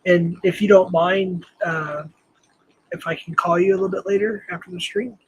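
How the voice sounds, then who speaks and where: A man's voice: high-pitched, fairly even intonation, moderate pace, slightly rough, dry recording, rough recording. An older man hosting a livestream, talking casually in a rambling, self-deprecating way and laughing often. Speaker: livestream host.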